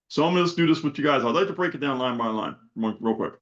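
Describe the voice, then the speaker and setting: A man on a video call delivers a heartfelt spoken-word piece, building it on repeated rhetorical questions. His voice sits at a middling pitch and comes through slightly dull and muffled over the call. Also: animated, rapid-fire, few pauses. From South Florida. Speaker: event host. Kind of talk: impassioned spoken poem and call to action.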